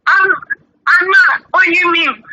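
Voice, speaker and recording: Figure: childish teddy bear on a call-in show,. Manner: slow, dopey, evasive. Pitch: very high. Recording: dull lo-fi phone line. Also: male voice, bright, forceful tone, exaggerated voice.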